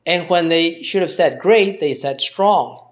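A man giving a sermon-style Bible teaching, halting and repeating words often, slowing down to stress key phrases. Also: a little high. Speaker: preacher.

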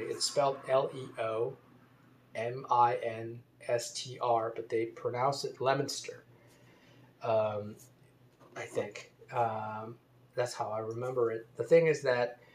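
A man talking alone in a rambling monologue, halting with many ums and uhs, hedging, spelling out words and reading a news story aloud. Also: medium pitch.

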